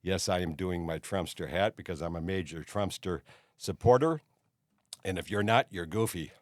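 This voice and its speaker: A man's voice: low voice, moderate pace, no echo, clean studio sound. An older man hosting his own show, telling a long rambling anecdote in casual chat, dropping "you see" again and again. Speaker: host. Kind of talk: casual storytelling monologue.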